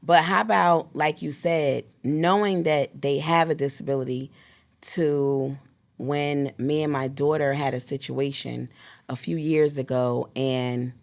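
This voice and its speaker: A woman in her thirties, a guest in an interview, talking in a rambling, animated way and acting out quoted dialogue. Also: sits low, unhurried, gravelly. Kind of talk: casual interview storytelling.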